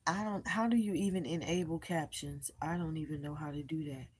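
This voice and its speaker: Low-voiced woman, emphatic live-stream storyteller. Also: brisk, slightly rough. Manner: emphatic, animated storytelling, addresses viewers as y'all. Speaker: live-streamer and tarot reader. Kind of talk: casual live-stream chat with viewers. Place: at home.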